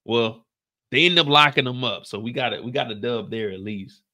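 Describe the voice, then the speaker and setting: A man's voice: mid-range voice, normal speed. A young man hosting a casual reaction show, recapping an episode and acting out scenes in voices. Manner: animated, acts out scenes in voices.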